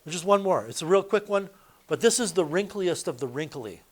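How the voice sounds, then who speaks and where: A man's voice: high-pitched, animated, fairly quick. A male math teacher lecturing a classroom, explaining each step and correcting himself aloud as he goes.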